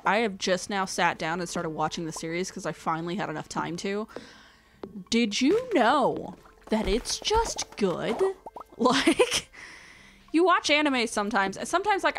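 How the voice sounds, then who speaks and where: A woman's voice: medium pitch, creaky, a bit bright. A young woman hosting a let's play, rambling casually as she plays, counting aloud and drifting into whispered asides. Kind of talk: casual gameplay commentary.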